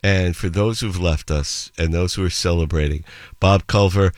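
Low-voiced older man radio host, dry studio sound. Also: steady tone, normal speed, no room sound. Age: 70s. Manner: chatty storyteller, slips into playful accent imitations. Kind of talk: radio show chat with listener shout-outs and anecdotes.

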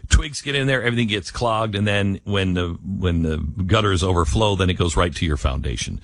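Hosting a talk radio show, a man gives animated, emphatic commentary, reads ads live, and slips into quoted voices. His low-pitched voice runs a little fast, with no room sound.

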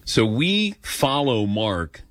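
A man's voice: mid-range voice, slow pace, no echo, studio quality. A man hosting a sports call-in radio show, telling a story and acting out the voices in it. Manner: animated, acts out voices in anecdotes. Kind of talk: casual storytelling and taking calls. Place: radio studio.

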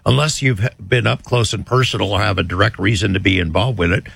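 A man's voice: lowish voice, quick pace, gravelly, a bit bright, slightly rough, no echo. A man hosting a radio talk show, taking calls and steering the talk. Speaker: radio host.

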